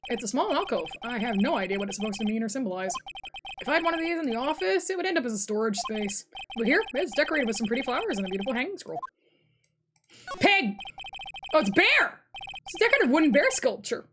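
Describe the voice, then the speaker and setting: A woman's voice: fairly high pitch, very animated, quick pace, noisy background. A woman streamer reading game text aloud with playful, sarcastic asides.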